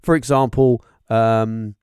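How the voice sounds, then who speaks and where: Halting low-voiced male podcast host. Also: fairly even intonation, a little mellow, clean tone, no room sound, studio quality. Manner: halting, many fillers and restarts, musing. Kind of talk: casual interview chat.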